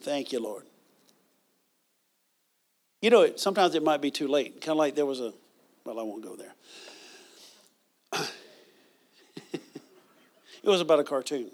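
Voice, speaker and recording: High-voiced man preaching a sermon. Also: animated, a little slow, long pauses. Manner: conversational preaching with bursts of loud praise. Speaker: pastor.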